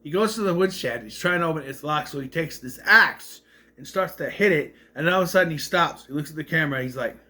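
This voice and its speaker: A man's voice: fairly high pitch, expressive, quick pace, sharp tone. A man casually recapping a movie plot, rambling and correcting himself as he goes. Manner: rambling, self-correcting retelling.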